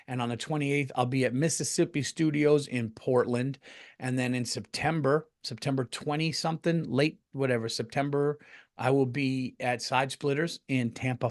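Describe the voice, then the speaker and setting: Casting: middle-aged male comedian, casual podcast monologue, animated, swears freely, voice of medium pitch. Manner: animated storytelling, jumps into loud acted-out quotes, swears freely.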